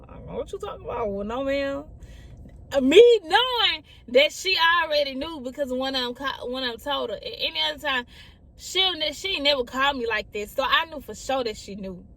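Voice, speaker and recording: Chatty young woman with a high voice. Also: lively intonation, moderate pace, sharp tone. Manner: chatty, repeats phrases, often addresses listeners as y'all. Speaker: storyteller vlogger. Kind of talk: casual storytime chat.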